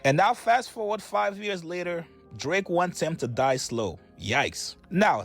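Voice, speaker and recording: A man's voice: high-pitched, no room sound. A man narrating a gossip commentary video in a wry, chatty way, speaking straight to viewers.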